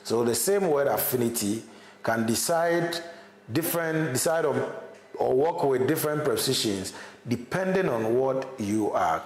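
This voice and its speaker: A male university lecturer, teaching an online class, repeating his examples and checking in with "okay?". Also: medium pitch. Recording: echoey room.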